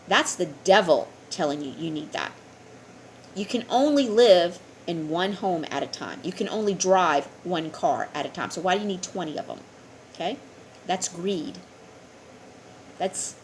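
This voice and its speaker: A woman's voice: lowish voice, slight background noise. A woman teaching a spiritual class, talking earnestly and often checking in with her listeners. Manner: earnest, keeps asking "okay?". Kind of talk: informal spiritual lesson.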